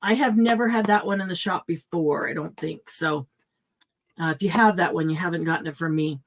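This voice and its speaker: Hosting a live sale of craft supplies, this middle-aged woman chats away and works out prices out loud. She talks fairly quickly in a lowish voice.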